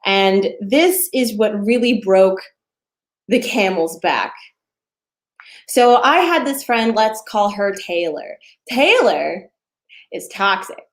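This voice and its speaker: A woman's voice: mid-range voice, lively intonation, slow, pauses often. A woman in her twenties doing a stand-up set from home over a video call, telling a story with many fillers and playful asides. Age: 20s. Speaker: stand-up comedian.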